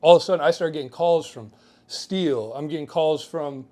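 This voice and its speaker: Higher-voiced young man telling a story. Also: brisk. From Upper Peninsula of Michigan, USA. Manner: animated, acts out quoted people with a raised voice, heavy use of "like". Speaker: guest, baseball pitching prospect. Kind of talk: casual storytelling in a podcast interview.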